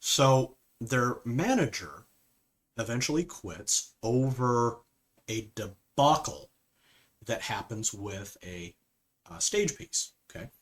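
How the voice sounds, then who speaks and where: Brief: male film reviewer, casual and rambling, mid-pitched voice, full of fillers. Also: very animated, slow pace. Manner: rambling, with frequent fillers and "okay?" asides.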